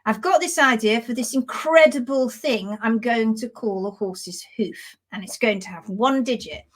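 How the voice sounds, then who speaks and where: A woman voicing Mother Nature as a formidable boss chairing a board meeting, speaking briskly and commandingly. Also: fairly high pitch, lightly acted.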